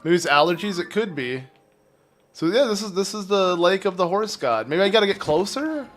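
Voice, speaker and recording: A man streams a game from home, talking on and on to his chat in a loose, rambling way. His voice sits a little high for a man. His throat is phlegmy and keeps needing a clear. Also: lively intonation, moderate pace. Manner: rambling, chatty, talks to chat. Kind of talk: casual live gameplay commentary.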